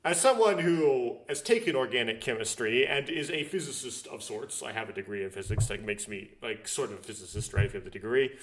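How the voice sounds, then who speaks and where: A man's voice: medium pitch, expressive, fairly quick, few pauses. Chatty man reading a game aloud. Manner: chatty, rambling asides, sarcastic nitpicking. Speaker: let's play host. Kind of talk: reading a game's text aloud with commentary.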